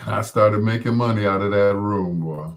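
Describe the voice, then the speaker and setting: A man hosting a casual chat, animated and laughing often, calling people affectionate pet names. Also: on the low side, moderate pace. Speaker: host.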